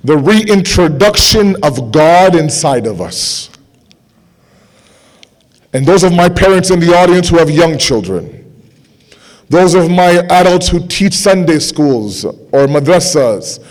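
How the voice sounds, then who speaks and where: A young man giving a sermon to a gathering, impassioned, repeating phrases for emphasis and dropping to quiet intensity. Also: fairly high pitch, big pitch swings, slow pace. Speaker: speaker at a religious gathering.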